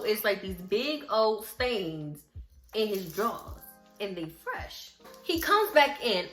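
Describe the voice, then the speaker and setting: A woman vlogger telling a story in casual chat, lively, acting out what people said and talking straight to her viewers. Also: mid-range voice. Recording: roomy echo with faint music.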